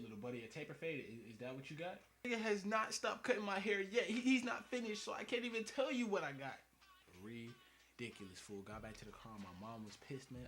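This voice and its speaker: A young man telling a comic story in a casual, slangy way, with sudden high-pitched bursts when he acts out what people said. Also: a little hiss or hum. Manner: animated, slangy, jumps to high pitch acting out quotes. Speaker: vlogger storyteller.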